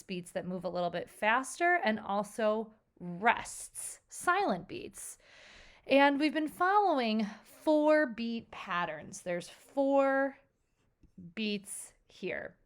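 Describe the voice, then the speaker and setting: A woman's voice: a little high, background noise. A woman teaching a children's music lesson. She speaks encouragingly and chants rhythm syllables for the class to clap along.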